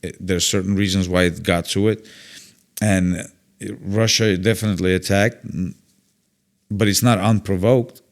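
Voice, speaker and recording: Speaking at a normal pace with long pauses, this low-voiced man is a comedian guest spinning stories in loose conversation. He acts out quoted voices with animation, swears without restraint, and doesn't hide his blunt opinions.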